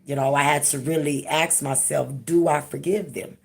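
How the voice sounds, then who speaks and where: A woman's voice: deep voice, fairly even intonation, moderate pace, gravelly, husky. A woman hosting her own channel, talking frankly and emphatically in a candid personal vlog, casual and sometimes profane. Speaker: channel host.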